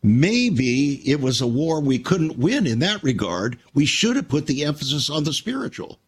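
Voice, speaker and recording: Older husky-voiced male radio host. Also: a little high, very animated, normal speed. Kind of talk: conversational radio talk.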